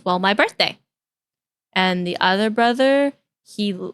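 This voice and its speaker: A woman's voice: mid-range voice, a bit bright, no room sound. A woman VTuber streamer chatting casually to her stream, candid and rambling, venting with some exasperation. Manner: candid, rambling, with restarts and repeated phrases. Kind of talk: casual reaction-stream chat.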